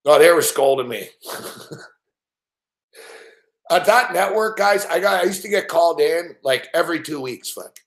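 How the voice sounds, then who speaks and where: A man's voice: a little high, animated, moderate pace, pauses often, a bit bright. Profane, laughing man telling stories. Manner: profane, laughing, rambling anecdotes. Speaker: sports betting show host. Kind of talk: casual storytelling on a live stream.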